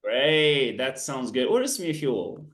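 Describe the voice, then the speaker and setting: A man's voice: medium pitch, very animated, slow pace, a bit bright. Encouraging male English tutor. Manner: encouraging, corrects pronunciation, mixes in French and Darija. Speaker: English teacher. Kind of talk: online tutoring lesson.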